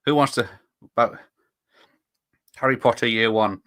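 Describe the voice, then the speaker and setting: A man's voice: medium pitch, normal speed, fairly bright tone, dry recording, clean studio sound. A man hosting a casual live stream, rambling and chuckling as he reads out viewers' chat comments.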